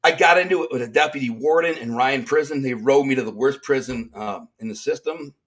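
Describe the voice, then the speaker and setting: A middle-aged man with a Detroit accent, talking as a guest in a sit-down interview. He tells his stories in a casual, streetwise way, slipping into the voices of the people he quotes. His pitch sits in the middle range for a man. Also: a little fast. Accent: Detroit, Michigan. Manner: streetwise, animated, acts out quoted dialogue.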